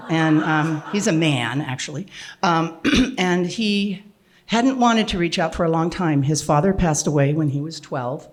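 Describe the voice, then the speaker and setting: An older woman telling a personal story to an audience, with frequent restarts and throat clearing. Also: deep voice, darkish tone.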